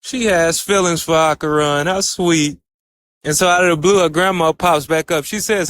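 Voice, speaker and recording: A man with a somewhat raised pitch recaps an episode in a loose, conversational way. He chains one scene to the next, quoting the characters in his own plain voice. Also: moderate pace, fairly bright tone, a little hiss or hum. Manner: retells scenes with running "and so" and "she says". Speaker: anime recap reviewer. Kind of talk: casual story recap.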